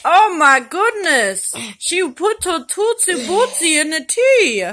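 A woman's voice: extremely high pitch, sing-song, slow, a bit bright, a little hiss or hum. A woman filming a home video, putting on a playful, mock-proper posh English accent.

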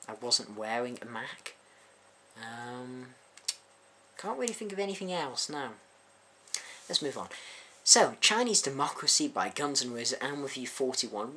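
Speaking straight to camera in a loose, chatty vlog, a young YouTube music reviewer sounds openly baffled and exasperated, piling up rhetorical questions. His medium-pitched voice is bright with a sharp edge, and there's a little background noise.

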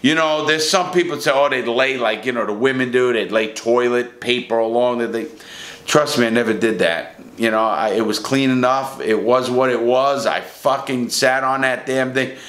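A man's voice: medium pitch, normal speed, fairly bright tone. Blunt, profane man telling prison stories. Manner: blunt, profane, rambling with restarts. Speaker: ex-prisoner storyteller. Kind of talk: casual first-person storytelling. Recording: echoey room.

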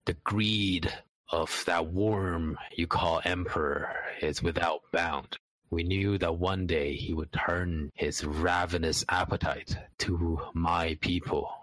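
A man voicing a captive assassin, resigned and bitter, speaking slowly and gravely. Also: sits low, steady tone, a bit bright, dry recording, low-quality recording.

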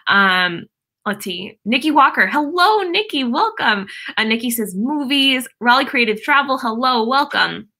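Young woman, chatty live-stream host, bright voice, fairly high, giggly, filler-heavy, home webcam. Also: very animated, unhurried. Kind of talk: casual live-stream chat reading viewer comments.

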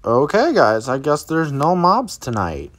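A man's voice: a little high, huge pitch swings, unhurried, a bit bright. A man giving live commentary as he plays a survival game, chatting to viewers and reacting aloud as things happen. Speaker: let's play gamer.

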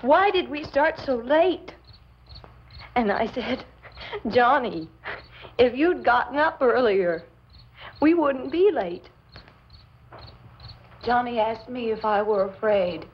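An actress playing a young woman in shock over her lost brother, recalling the attack in a halting way and breaking into sobbing pleas, in 1960s horror film acting. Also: fairly high pitch, expressive. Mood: dazed. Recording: dull, hissy old film soundtrack.

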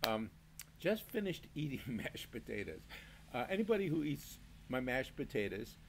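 A man's voice: medium pitch, big pitch swings, moderate pace, gravelly, background noise. An older man from Maine hosting a home beer review, rambling through stories with mild swearing and frequent laughs. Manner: rambling storyteller, swears mildly, laughs often. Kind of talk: casual rambling monologue.

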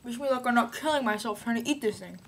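A woman's voice: on the high side, fast talker, gravelly, slight background noise. A woman rambling playfully in a casual video diary, giggling often. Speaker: vlogger.

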